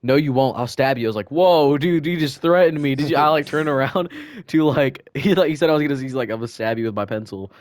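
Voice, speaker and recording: This fast-talking teenage boy, a podcast co-host, casually rambles through school stories with laughter and lots of fillers and restarts. His male voice is medium-pitched, and there's no room sound in the recording.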